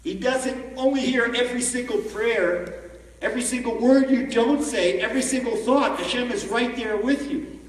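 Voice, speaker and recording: A man giving an animated storytelling sermon as a rabbi at a conference, recorded from far off in a large echoey hall. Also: extremely high pitch, normal speed. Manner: animated, acts out the story in voices.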